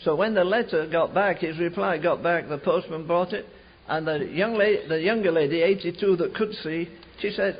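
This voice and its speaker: Husky high-voiced male preacher. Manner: animated storyteller, slows and rises for emphasis. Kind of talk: sermon storytelling. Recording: dull lo-fi recording.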